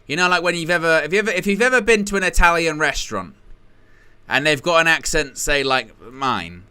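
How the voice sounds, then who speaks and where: A man's voice: fairly high pitch, lively intonation, fairly quick, pushed and bright, smooth. A man hosting a live football watchalong, commenting on the play in a casual, rambling way with jokey asides.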